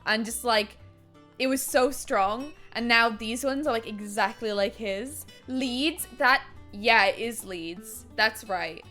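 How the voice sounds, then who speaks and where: A woman's voice: fairly high pitch, slow pace, bright, forceful tone, faint music behind. A woman streaming a video game, chatting casually, laughing often and swearing as she reacts. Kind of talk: casual gaming commentary.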